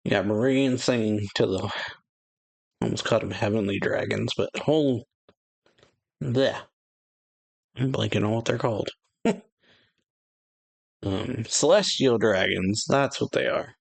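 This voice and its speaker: A man's voice: fairly low pitch, unhurried, creaky, long pauses. A man hosting a manga chapter reaction, talking casually with many fillers and laughing at his own slips.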